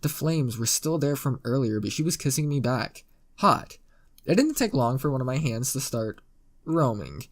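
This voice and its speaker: A man with a mid-pitched voice narrates a first-person internet story. His delivery is casual and dry, dropping crude asides as he reads. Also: expressive, moderate pace.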